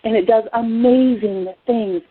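A woman's voice: fairly high pitch, a little slow, slightly rough. Storytelling woman on a tinny line. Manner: animated storyteller, acts out quoted voices. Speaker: speaker telling a personal story. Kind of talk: personal testimony talk. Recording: phone-like narrow sound.

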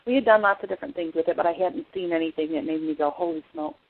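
A woman's voice: on the low side, rapid-fire. A woman giving an earnest personal testimony as an essential oils presenter, telling her story with frequent restarts. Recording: tinny phone-like sound.

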